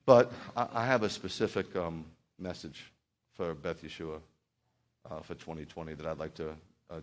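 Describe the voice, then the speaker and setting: A middle-aged man preaching as a pastor in a church, heartfelt and rambling at first, then building to fervent exhortation. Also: low voice. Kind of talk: sermon.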